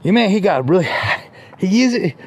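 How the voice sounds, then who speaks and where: A man's voice: high voice, expressive, moderate pace, darkish tone, highs cut off. A man telling a rambling comic story, full of restarts and repeated words.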